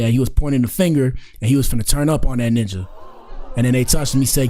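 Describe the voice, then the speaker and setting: An American show host riffs through casual, slangy, rambling commentary, dropping chuckling asides. His medium-pitched voice is warm, fairly even in intonation, and quick.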